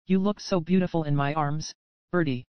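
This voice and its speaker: Possessive, controlling man read by a woman narrator, smooth, dry, slightly dull audio. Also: low voice, steady tone, moderate pace, no room sound, close to an everyday voice. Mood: gloating. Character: possessive, controlling man obsessed with his captive.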